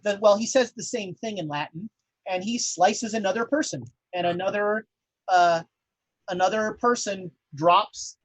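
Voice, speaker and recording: A man's voice: high-pitched, dry recording. A man narrating a tabletop horror game as game master, rambling with many fillers.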